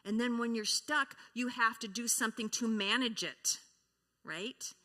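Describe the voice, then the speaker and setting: A woman's voice: fairly high pitch, unhurried. A middle-aged woman giving a conversational sermon in a church, telling stories and leading the congregation in repeating a phrase. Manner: warm storytelling, leads the congregation in repeating a phrase. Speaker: church speaker. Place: church sanctuary. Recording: reverberant church hall.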